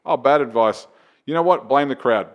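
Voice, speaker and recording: A man, a comedian chatting on a podcast and telling lively, profane anecdotes. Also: medium pitch, normal speed, lo-fi sound. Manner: animated, profane anecdotes with acted-out quotes. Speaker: comedian and open mic host. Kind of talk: casual podcast storytelling.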